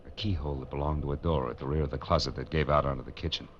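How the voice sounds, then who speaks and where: A man's voice: extremely low pitch, steady tone, rapid-fire, a little hiss or hum. A man playing a hard-boiled, wry private eye in a vintage radio drama, narrating and talking in a dry, wisecracking way. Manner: dry, wisecracking, soothing to others. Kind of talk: 1940s radio drama acting with first-person narration. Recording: lo-fi vintage radio broadcast with music.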